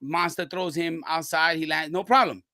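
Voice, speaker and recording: Brief: New man, slangy podcast guest, bright forceful voice, dry close sound. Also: a little high, normal speed, vocal fry, no echo. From Brooklyn, New York. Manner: animated, slangy storyteller. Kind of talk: casual storytelling.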